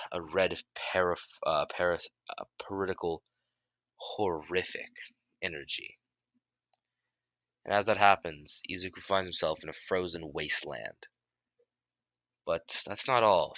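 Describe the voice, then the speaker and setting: A man improvising a story as narrator, halting with many restarts and fillers. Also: low voice, sharp tone, no echo.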